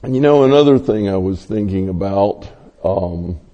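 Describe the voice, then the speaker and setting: A man preaching a sermon, telling stories slowly and acting out the voices of the people in them. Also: sits low, animated, warm tone, in a large hall, lo-fi sound. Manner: slow, storytelling delivery acting out quoted voices. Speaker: pastor.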